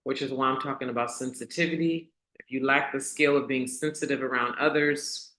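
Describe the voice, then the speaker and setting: A woman hosting a casual motivational talk for her online community, asking rhetorical questions and repeating key lines slowly for emphasis. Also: a bass voice, steady tone, a bit bright, roomy sound. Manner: conversational, asks the audience rhetorical questions. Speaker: host.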